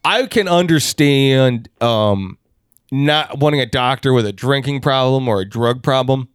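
A man's voice: mid-range voice, unhurried, smooth, dry recording. Rambling man in dry casual chat. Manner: rambling, swears, many "like" fillers.

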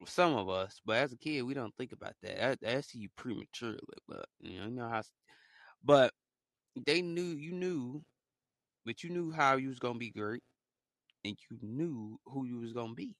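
A man's voice: mid-range voice, moderate pace, fairly bright tone, no room sound, studio quality. A young man talking casually in a rambling motivational monologue, joking and laughing as he mocks the people who envy success. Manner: rambling, joking, laughs often, mocks haters in put-on voices. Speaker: podcast host.

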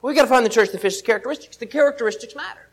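High-voiced man preaching a sermon. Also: very fast. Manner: earnest teaching, repeats key points.

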